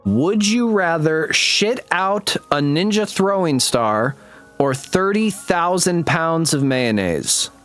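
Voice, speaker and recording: A male podcast host in casual interview chat, unhurried and slow-spoken. His pitch moves a lot as he jokes around and keeps things friendly and loose. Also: expressive, fairly bright tone, faint music behind. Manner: laid-back, jokey, says "bro" often.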